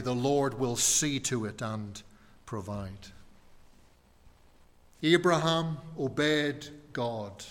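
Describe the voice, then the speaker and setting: A man preaching a sermon in a measured, emphatic way, repeating key phrases and letting his voice fall quiet at the ends. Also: mid-range voice, big-room sound.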